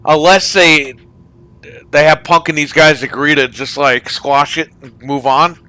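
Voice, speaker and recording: A man with a somewhat high, bright voice rants on a casual gaming party chat. He curses freely and keeps asking if you know what he means. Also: steady tone, a little slow, smooth, dry recording. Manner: profane, ranting about wrestling. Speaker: podcast host.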